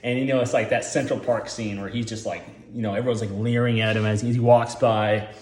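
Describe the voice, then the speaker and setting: A man's voice: on the low side, level tone, brisk, a little mellow, echoey room. A man giving rambling, profane casual commentary, full of filler words, as the host.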